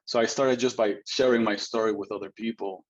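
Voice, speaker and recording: A man's voice: fairly low pitch, steady tone, fairly quick, dull audio. A man telling his personal story as an interview guest, earnest and chatty, often adding "right?" and laughing a little.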